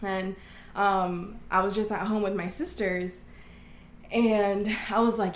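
As an interview guest, a woman from Oklahoma, USA, shares a frank, sincere personal testimony, voicing the people in her story. Her mid-range voice stays steady and slow, with slight hiss or hum in an echoey room.

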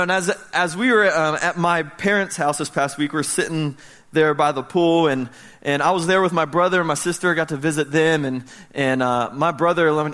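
A man in his thirties from the United States preaching a sermon as pastor, telling a story in a lively way that swings from loud to hushed. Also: fairly high pitch.

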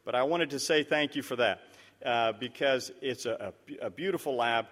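Brief: man, mid-pitched, speaking as a missionary in a church, lively storyteller, reverberant hall sound. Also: normal speed. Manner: storytelling, animated and earnest. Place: church sanctuary.

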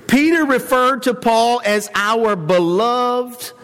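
A male pastor preaching a sermon in a conversational way, with fillers and quick self-corrections. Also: extremely high pitch, a bit bright. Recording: long hall reverb.

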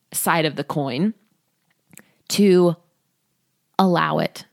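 A woman with a somewhat low voice talks as a body image coach. She is earnest and expressive and slips into the voices of listeners' inner thoughts. The sound is dry and close, with no room around it. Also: dry recording. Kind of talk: casual motivational talk.

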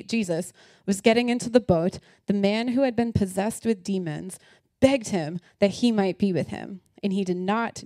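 A young woman delivers a sermon with animated energy, reading scripture and talking straight to her listeners. Her voice is mellow and warm, recorded close and dry with no room sound. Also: medium pitch, dry recording. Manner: animated, addresses listeners directly. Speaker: preacher.

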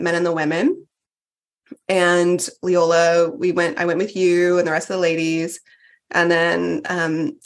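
A woman in her forties, a podcast guest sharing her retreat experience in a candid, chatty way with lots of fillers and restarts. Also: lowish voice. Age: 40s. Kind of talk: casual podcast chat.

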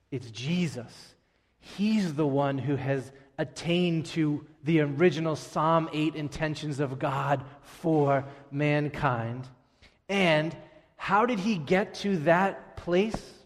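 A middle-aged man from Staten Island, New York preaching a sermon to his church, emphatic and dropping to a hush on key words. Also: fairly high pitch, slow, long reverb tail. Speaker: pastor.

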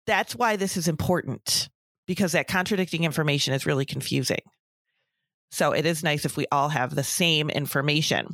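A woman's voice: low-pitched, brisk, fairly bright tone, no room sound, clean studio sound. A middle-aged woman co-hosting a casual podcast, speaking emphatically with exasperated asides about work in a pediatric office. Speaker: podcast co-host, breastfeeding professional.

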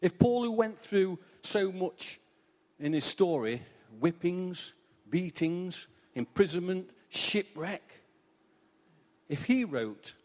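A man with an English accent giving a sermon, telling a joke story and reading scripture with dramatic pauses. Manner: lively, swinging pitch, dramatic pauses. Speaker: church speaker. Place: church hall. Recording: reverberant church hall.

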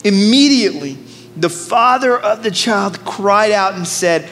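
A male pastor in his thirties delivers an energetic, humorous sermon, calling out to the congregation to repeat after him. His voice sits high for a man. It rings with long reverb through a large church, with faint noise underneath. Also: a little slow. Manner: energetic, humorous, leads congregation call-and-response.

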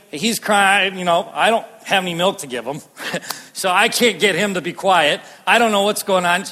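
A man preaching a sermon, out of breath and animated, swinging from loud bursts to hushed lines. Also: high-pitched. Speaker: pastor. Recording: long hall reverb.

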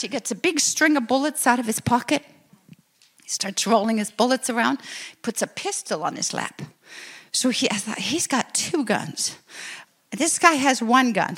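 A middle-aged woman preaching, telling a testimony story and acting out her own excited quotes. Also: high voice. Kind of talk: sermon testimony.

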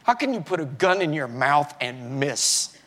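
A man, preaching as a pastor and telling his own story, moving from loud fury to quiet, halting confession. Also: a little high, very animated, slight background noise. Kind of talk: sermon testimony.

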